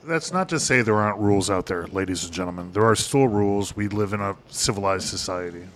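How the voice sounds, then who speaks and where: A man with a mid-range voice asks curious questions and drops in dry jokes. A faint rumble sits behind his voice. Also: fairly quick. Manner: asks questions, jokey banter. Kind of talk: casual podcast chat.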